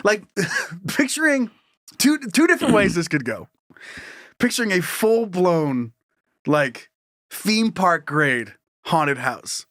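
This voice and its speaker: A man's voice: high voice, big pitch swings, slow, long pauses, dry recording, studio quality. A man co-hosting a comedy podcast, chatting casually, laughing a lot and acting out scenes. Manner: laughs often, acts out voices with shouts. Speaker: podcast co-host.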